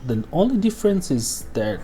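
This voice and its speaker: A man's voice: a little high, sing-song, warm tone, soft background music. A man teaching English pronunciation, saying example words twice, checking in with "okay?", and stopping now and then to cough. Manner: slow, repeats example words, tags "okay?" often. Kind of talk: pronunciation lesson.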